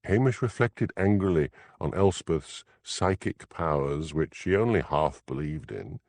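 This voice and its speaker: Low-voiced male audiobook narrator. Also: animated, a little slow, a little mellow, dry recording. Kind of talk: scripted narration.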